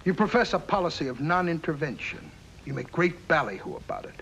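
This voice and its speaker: An actor playing a scheming, sneering foreign diplomat in a 1950s TV drama, on a faintly hissy old soundtrack. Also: male voice, fairly high pitch, sing-song, brisk, creaky, fairly bright tone, heavily acted, poor audio. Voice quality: sneering, accusatory.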